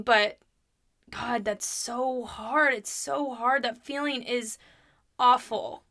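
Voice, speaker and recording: A woman's voice: fairly high pitch, pushed and bright, smooth. A young woman in her twenties hosting a podcast, telling a personal story in an open, confessional, chatty way, with frequent laughs. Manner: laughs between remarks. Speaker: podcast host.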